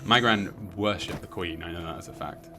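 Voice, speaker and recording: A man's voice: low voice, fairly quick, noisy background. A British man streaming a video game, swearing, joking and mimicking people as he plays. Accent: British English. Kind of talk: casual gameplay chat. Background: game music.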